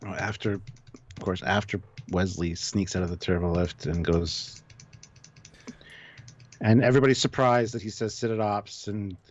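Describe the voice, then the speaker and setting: A man's voice: lowish voice, normal speed, long pauses. A man co-hosting a live review stream, chatting casually and joking while he reads out viewer donations. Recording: dull, dry remote call audio.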